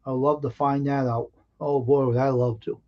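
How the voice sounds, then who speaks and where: A man telling personal anecdotes on a live stream in an earnest, emphatic way, with halting restarts. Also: mid-range voice, level tone, muffled recording. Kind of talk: casual storytelling on a live stream.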